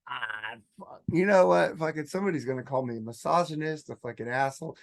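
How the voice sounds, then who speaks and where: A man's voice: on the high side, brisk, creaky, no echo, clean studio sound. A man co-hosting a podcast in casual chat, crude and joking as he rambles. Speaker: podcast co-host.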